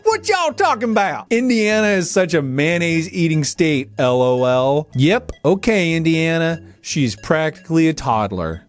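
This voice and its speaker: Man in his forties, host, sarcastic comedic commentary, voice a bit higher than most, faint music behind. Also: lively intonation, a little slow, hardly any pauses, clear, resonant tone. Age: 40s.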